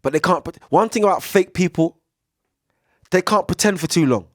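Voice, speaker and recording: A young man with gives a casual, preachy podcast monologue, swearing freely and swinging between loud bursts and hushed asides. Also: high-pitched, normal speed, no room sound, studio quality. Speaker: podcast speaker. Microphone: studio mic.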